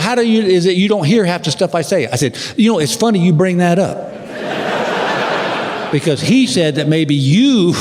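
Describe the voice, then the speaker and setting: Drawling man doing stand-up on stage. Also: noisy background. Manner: drawling storyteller, mimics his wife in a higher voice. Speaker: stand-up comedian. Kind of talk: stand-up routine. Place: large theater stage. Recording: long hall reverb with loud crowd. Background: audience laughter.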